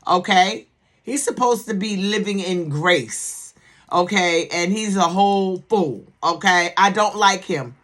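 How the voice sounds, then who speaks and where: A woman reviews a TV series in casual, sassy commentary. She repeats herself for emphasis and keeps checking that the listener is with her. Her voice sits at a middle pitch. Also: measured pace, fairly bright tone. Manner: sassy, emphatic, keeps asking "okay?" for agreement.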